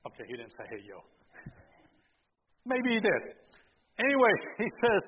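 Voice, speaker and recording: A male pastor preaching a sermon, retelling the story with lively, sarcastic asides to the congregation. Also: high-pitched, moderate pace, pauses often, long reverb tail, dull audio, a little hiss or hum. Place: church sanctuary.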